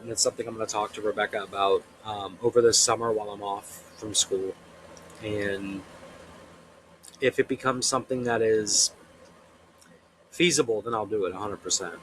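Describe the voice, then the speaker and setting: A man's voice: fairly low pitch, a bit bright, a little hiss or hum, rough recording. A young man, an author being interviewed, chatting easily and laughing often. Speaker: author guest. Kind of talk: casual interview chat.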